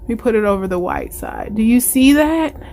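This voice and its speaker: A woman, gushing with excitement as she unboxes planner supplies and chats to her viewers. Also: a little high, moderate pace. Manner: gushing, excitable, exclamations of delight. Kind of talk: casual unboxing chat to viewers.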